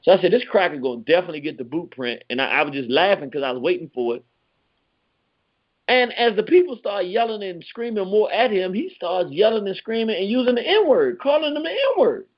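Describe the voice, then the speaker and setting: Excitable D.C. man hosting lo-fi radio. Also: brisk. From Southeast Washington, D.C. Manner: excitable, pitch leaps up when telling the story; streetwise slang, repeats words while searching. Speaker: radio show host. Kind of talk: animated storytelling monologue.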